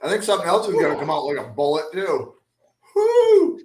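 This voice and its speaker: Co-host, man, lively up-and-down delivery, dramatic moaner, noisy video call line. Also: fairly high pitch, brisk. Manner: moaning, laughing, dramatic complaints. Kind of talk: casual chat.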